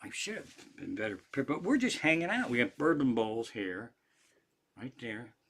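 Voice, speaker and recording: Settled into an armchair at home, a male comedian hosts a livestream full of meandering anecdotes and plenty of profanity. He speaks in a mid-range voice with some vocal fry, keeping a moderate pace.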